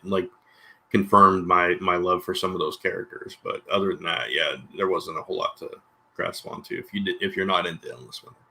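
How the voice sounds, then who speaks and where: Low-voiced man, casual podcast co-host. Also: sharp tone. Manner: rambling, hesitant, full of "you know". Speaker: comic book podcast co-host. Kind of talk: casual livestream chat.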